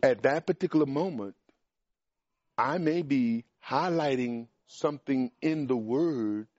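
A man preaching a sermon in an emphatic, animated way, pushing up in pitch and volume on key points. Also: dry recording. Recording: dry, dull lo-fi sound.

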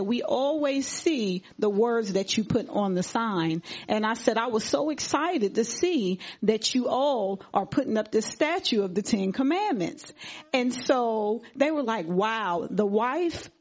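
A woman stands before her church and tells a testimony, her pitch a little higher than most women's. She brings the story to life by acting out everyone's words. The recording sounds dull and lo-fi. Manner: animated retelling, acting out quoted dialogue. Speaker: congregation member giving testimony. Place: church fellowship service.

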